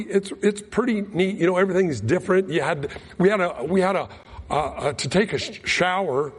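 A man preaching a sermon, telling a folksy mission story with lively acted-out quotes. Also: high voice, husky. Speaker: pastor. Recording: long reverb of a large hall.

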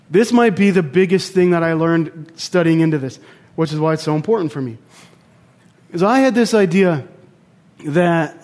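A man's voice: sits high, a little mellow. A young man preaching a casual sermon, talking conversationally with asides and personal stories. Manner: conversational, storytelling with asides and restarts.

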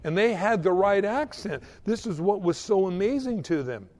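A male pastor delivers a sermon, weaving in a story and stumbling over repeated words as he builds to emphatic points. His voice sits high for a man, and the long reverb of a church hall trails each phrase. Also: animated, normal speed, darkish tone. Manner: stammering restarts, storytelling, rising emphasis.

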